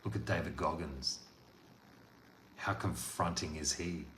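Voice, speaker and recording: A man delivering a blunt, profane motivational monologue as a coach, veering from loud outbursts to quiet talk. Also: very deep voice, measured pace. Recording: echoey room with faint noise.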